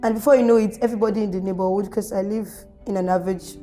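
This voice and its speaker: Young Nigerian woman, activist guest; warm, lively storyteller who acts out quotes, over soft music. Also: mid-range voice, rapid-fire. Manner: animated, acts out quoted voices. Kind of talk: interview storytelling.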